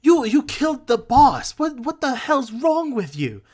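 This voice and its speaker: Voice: big pitch swings, measured pace, darkish tone, full character voice. A sobbing terrified goblin. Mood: frantic. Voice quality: shrill, shrieking. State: crying. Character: panicked sobbing goblin, shrieking in terror.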